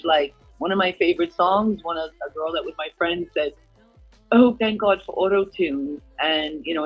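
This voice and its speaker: A woman's voice: medium pitch, husky. A woman guest, a reggae singer, chatting casually in an interview and rambling with frequent "you know" fillers. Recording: dull lo-fi audio.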